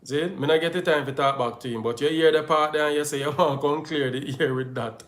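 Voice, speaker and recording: A man's voice: fairly high pitch, steady tone, quick pace, fairly bright tone. A man with a Jamaican accent hosting a live call-in show, often cutting in to ask the caller to hold on. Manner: interrupts, repeatedly asking the caller to hold on. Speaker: host.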